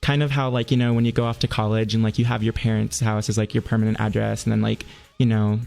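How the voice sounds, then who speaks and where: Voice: medium pitch, level tone, quick pace, vocal fry, darkish tone, faint music behind. A young adult student in their early twenties, an a cappella arranger chatting in an interview, hesitant and filling speech with "like". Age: around 20. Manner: hesitant, heavy use of 'like'. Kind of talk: casual interview chat.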